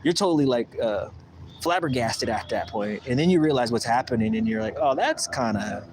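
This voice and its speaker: A man livestreaming casually from a lake rambles through a story with animation, performing the voices of the people he quotes. He talks a little fast at medium pitch, and the rough recording carries slight hiss or hum.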